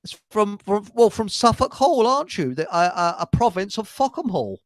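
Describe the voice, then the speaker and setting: A man's voice: sits high, big pitch swings, moderate pace. Chatty man hosting an online show. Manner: chatty, rambling, laughs at own jokes. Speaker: show host. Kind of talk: casual chat show, telling jokes.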